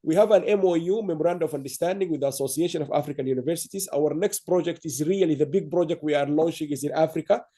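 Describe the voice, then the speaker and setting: A man hosting an online awards ceremony over a video call, speaking haltingly with many fillers and repeated words. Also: fairly high pitch, dark tone. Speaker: awards host.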